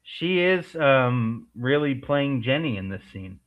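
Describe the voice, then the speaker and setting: A man's voice: medium pitch, animated, slow. A married man co-hosting a casual movie chat, laid-back and joking. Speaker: podcast co-host. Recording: dull lo-fi sound.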